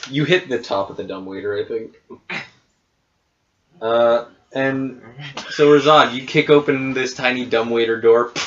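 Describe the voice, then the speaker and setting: A man's voice: mid-range voice, a little slow, long pauses, fairly bright tone, slight background noise. Game master man with a muffled recording. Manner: reads scene descriptions with hesitant restarts. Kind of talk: narrating a tabletop game. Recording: dull lo-fi recording.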